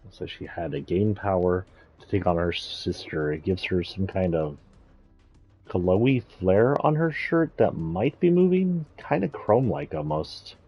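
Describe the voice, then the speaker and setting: A man's voice: deep voice, lively intonation, a little slow, breathy edge, dry recording, dull audio, soft background music. A man giving casual, rambling gameplay commentary, thinking aloud and correcting himself as he goes. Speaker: streamer.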